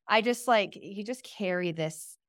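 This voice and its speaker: A woman's voice: medium pitch, measured pace, dry recording. Woman, podcast host, affirming, casual fillers, dry close sound. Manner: warm, affirming, filler-heavy. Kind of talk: conversational interview.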